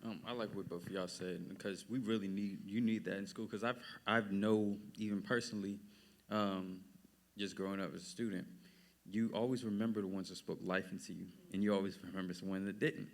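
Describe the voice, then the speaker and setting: A man speaking in a relaxed, rambling way in a casual podcast discussion. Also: low-pitched, a little fast.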